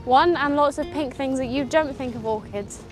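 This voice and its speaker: A woman's voice: high-pitched, moderate pace, over music. A woman from England chatting playfully on an outdoor countryside walk, teasing her partner. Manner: playful, teasing, breaks into song. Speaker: travel vlogger. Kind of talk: casual chat on a walk.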